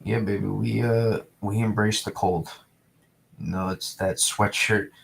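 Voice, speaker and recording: Low gravelly young man chatting on stream. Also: steady tone, unhurried, a little hiss or hum. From New England. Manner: rambling, repeats himself, talks to chat. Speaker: weather streamer. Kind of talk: casual live-stream chat.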